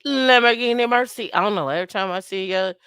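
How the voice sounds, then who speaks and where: A woman's voice: mid-range voice, fairly even intonation, rapid-fire, fairly bright tone, clean tone, no echo, clean studio sound. A woman hosting a casual livestream, chatting to viewers by name and breaking into playful sung sound effects. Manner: playful, sings and imitates dancehall sounds. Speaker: host.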